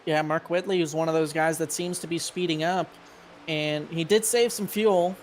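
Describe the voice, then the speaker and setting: A man who drives in the series, giving color commentary on a live race in an explanatory, halting way. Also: a little high, fairly even intonation, slight background noise.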